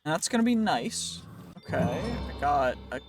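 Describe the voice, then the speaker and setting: Over music, a young let's play host rambles and jokes to himself while playing a game, his chatty commentary in a slightly worn voice. He sounds a little high and very animated, talking at normal speed.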